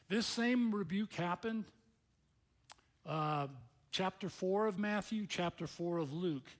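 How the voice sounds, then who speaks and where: A male pastor preaching a sermon in an animated, conversational storytelling manner. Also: fairly high pitch.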